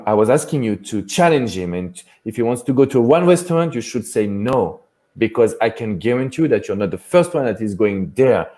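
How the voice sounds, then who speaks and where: A dating coach from France talks earnestly in a live chat, his French accent clear in a dark, medium-pitched voice. He frequently restarts his phrases.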